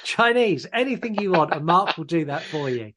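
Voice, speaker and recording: A man's voice: fairly high pitch, very animated, moderate pace, bright, forceful tone. A man hosting a film podcast, talking casually and bluntly and swearing freely. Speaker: podcast host. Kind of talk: casual chat about films.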